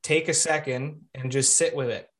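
A man's voice: medium pitch, steady tone, normal speed. A man hosting a podcast interview, talking in a loose, rambling way full of fillers and restarts. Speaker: podcast host.

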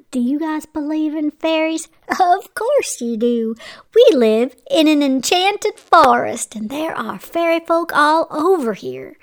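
Slow, high-voiced woman storyteller. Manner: explains words to children, asks questions. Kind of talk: children's story reading with asides.

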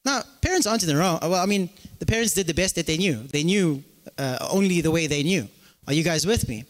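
A man's voice: a little high, fairly quick. A man preaching a sermon as pastor, joking and acting out little dialogues. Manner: animated, joking, acts out dialogues. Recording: echoey hall.

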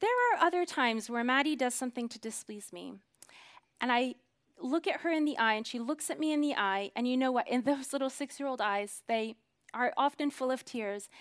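A woman's voice: on the high side, moderate pace. Earnest woman preaching, whispering and swelling. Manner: earnest, swinging from hushed whispers to emphatic swells. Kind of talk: sermon.

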